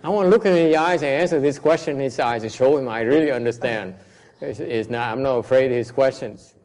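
Speaking fast in a mid-range, slightly mellow voice, a man who grew up speaking Vietnamese teaches a class as a Buddhist teacher. He is blunt and full of questions, moving back and forth between English and Vietnamese.

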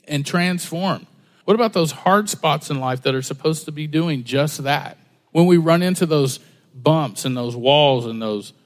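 A man preaching a conversational sermon, folksy and full of stories and rhetorical questions. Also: on the high side. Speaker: pastor.

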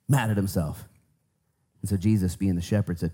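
A male pastor preaching and praying, fervent, swinging from hushed words to emphatic bursts. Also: low voice, fairly even intonation, moderate pace, pauses often, husky. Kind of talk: sermon with prayer.

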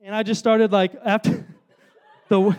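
A man's voice: sits high, flat delivery, unhurried, a little mellow, smooth. A man, giving a casual, storytelling sermon full of fillers and self-deprecating asides. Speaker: speaker at a worship event.

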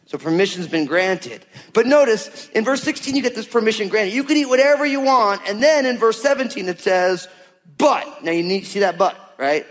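A man preaching a sermon to his church in a conversational, emphatic way, often acting out quoted voices. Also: high-pitched. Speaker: pastor. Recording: long hall reverb.

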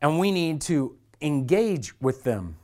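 A man's voice: fairly high pitch, very animated, takes it slowly, darkish tone. A man preaching a sermon as a church pastor, talking to the congregation in an earnest, conversational way.

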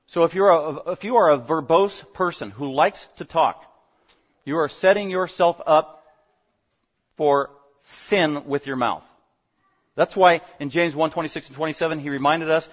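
A man preaching an expository sermon, animated and fast-talking, swinging between loud emphasis and quiet asides. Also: on the high side. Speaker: pastor. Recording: dull lo-fi sound.

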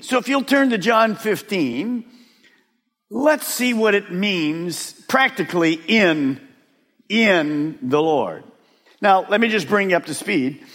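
Male pastor, high lively voice, slow deliberate sermon delivery with drawn-out pauses, reverberant church hall. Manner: emphatic preaching with dramatic pauses.

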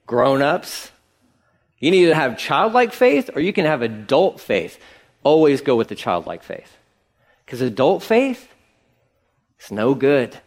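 A middle-aged man preaching a sermon in a conversational, emphatic way, with sudden rises in pitch. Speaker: pastor.

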